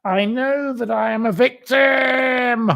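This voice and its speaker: A shrill, indignant woman who declaims her grievances in a mocking high voice, as a man puts her on. She speaks slowly, with a gravelly edge and a lot of theatrical self-pity. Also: fairly bright tone, exaggerated voice. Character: self-pitying, indignant woman demanding justice.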